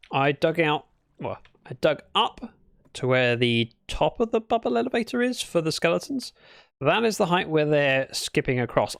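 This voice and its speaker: A British man livestreams a game, chatting in a casual, rambling, playful way and correcting himself along the way. His voice is a little high and creaky, in a dry recording.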